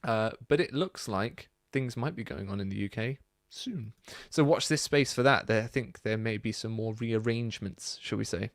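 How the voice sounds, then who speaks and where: A man hosting a casual Q&A, reading out viewer comments and chatting about them in a relaxed, rambling way. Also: lowish voice, normal speed, hardly any pauses, no echo, studio quality. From Britain. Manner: chatty and relaxed, many fillers and asides. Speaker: YouTube channel host.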